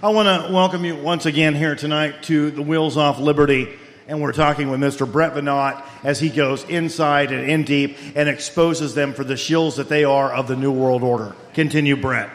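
A man's voice: on the high side, fairly even intonation, normal speed, lightly acted. A man doing a bombastic paranoid conspiracy host. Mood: ranting. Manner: bombastic, escalating rants with mock-grave pronouncements. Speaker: comedic co-host. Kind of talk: parody of a ranting conspiracy radio host. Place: live event hall. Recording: long hall reverb.

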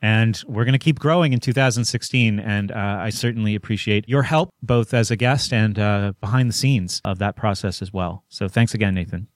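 A man's voice: on the low side, normal speed, few pauses, no echo, studio quality. A man hosting a podcast and chatting in a casual, playful way. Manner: playful, breaks into mock regional voices. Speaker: podcast host.

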